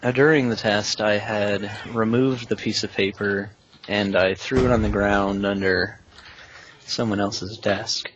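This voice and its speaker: A man's voice: fairly low pitch, fairly even intonation, unhurried, fairly bright tone, dull audio, a little hiss or hum. A young man telling a rambling, self-mocking story to friends in a casual chat, chuckling at himself.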